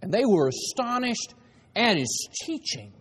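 High-voiced man preaching in a reverberant hall. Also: very animated, measured pace, fairly bright tone, husky. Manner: emphatic, varied delivery with dramatized voices. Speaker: pastor. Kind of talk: sermon.

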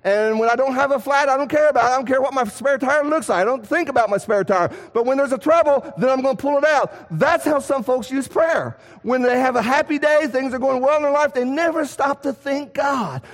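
A man preaching a sermon, rising to emphatic shouts and dropping to quiet, low lines. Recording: echoey hall reverb.

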